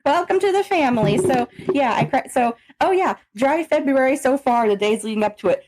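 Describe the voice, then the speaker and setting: A young woman co-hosting a podcast, telling stories in a profane, animated, casual way. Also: high voice, normal speed, low-quality recording. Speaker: podcast co-host. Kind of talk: casual chat.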